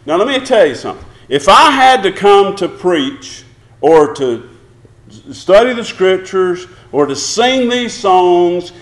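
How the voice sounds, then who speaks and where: Lively, high-voiced preacher in a roomy church. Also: male voice. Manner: preaching, asks the congregation questions and acts out prayers. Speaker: pastor. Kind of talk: sermon. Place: church sanctuary.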